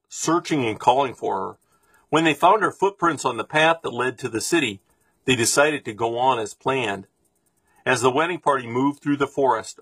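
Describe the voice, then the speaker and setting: Man reading a storybook aloud: husky, steady, expressive, dry close recording. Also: mid-range voice, no echo. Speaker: reader.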